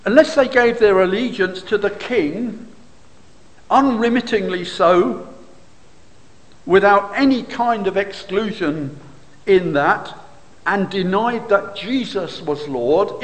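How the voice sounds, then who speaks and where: A man preaching a sermon, explaining scripture with rhetorical questions and occasional fillers. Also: high voice. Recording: reverberant hall.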